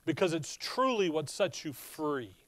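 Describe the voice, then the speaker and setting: A man's voice: a little high, sing-song, measured pace, fairly bright tone, no room sound. A man preaching a sermon, reading scripture aloud and explaining it in an emphatic, conversational way full of rhetorical questions.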